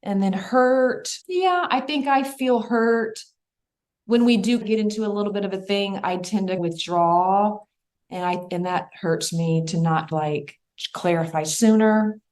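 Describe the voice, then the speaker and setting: A middle-aged woman, a podcast guest, speaking in a soft, reflective and openly emotional way. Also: mid-range voice, a little slow. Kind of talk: casual podcast conversation.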